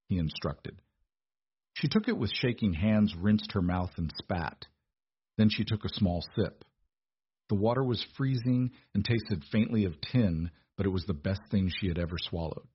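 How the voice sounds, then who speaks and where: A man reads a scripted story aloud in a steady, measured way. His voice is lowish and a touch husky. The sound is dry and a bit dull, with little top end. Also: dry recording. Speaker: narrator.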